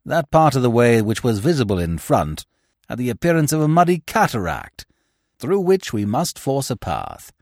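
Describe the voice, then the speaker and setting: Highly expressive male storyteller. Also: normal speed, dry recording, clean studio sound. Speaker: audiobook narrator. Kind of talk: scripted dramatic narration.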